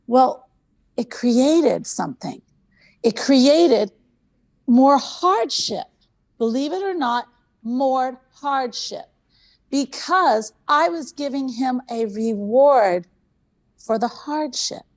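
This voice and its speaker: A woman hosting a conference talk, telling stories in an animated way and repeating phrases for emphasis. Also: high-pitched, slow. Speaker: conference host.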